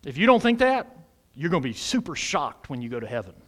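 A man preaching a sermon as pastor of a church, loud and emphatic, using humor and questions to the congregation. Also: sing-song, fast talker. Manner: loud, emphatic preaching with big pitch swings. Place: church sanctuary.

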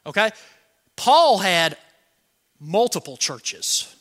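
A man preaching a sermon, animated and joking, swinging from soft asides to shouted lines. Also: high-pitched, drawn-out words. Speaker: pastor.

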